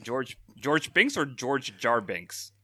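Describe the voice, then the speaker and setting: A man's voice: mid-range voice, very animated, slow, pushed and bright, no room sound, studio quality. A man co-hosting a podcast in casual chat, often stopping to recap in disbelief and laughing. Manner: interrupts to recap, incredulous and laughing. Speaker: podcast co-host.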